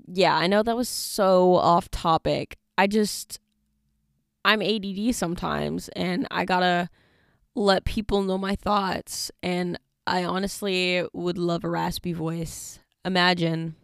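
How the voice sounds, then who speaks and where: A woman's voice: lowish voice, a little slow, vocal fry, no echo, studio quality. A woman in her twenties hosting a casual solo podcast, chatty and rambling with lots of fillers. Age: 20s. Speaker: podcast host. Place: dorm study room.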